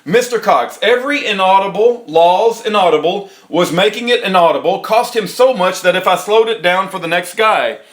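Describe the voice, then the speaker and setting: High, bright-voiced man ranting sarcastically. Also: animated, moderate pace, hardly any pauses. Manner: indignant, sarcastic, bursts into shouting; drops into a low mocking voice to read the lines. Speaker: commentator reading a court transcript. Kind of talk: ranting commentary over a transcript reading.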